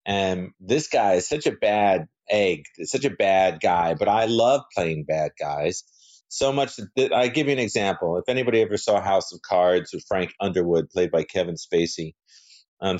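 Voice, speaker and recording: A man's voice: deep voice, normal speed. A middle-aged man, a guest actor, chatting casually in an interview, rambling and correcting himself as he goes. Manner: rambling, self-correcting, animated.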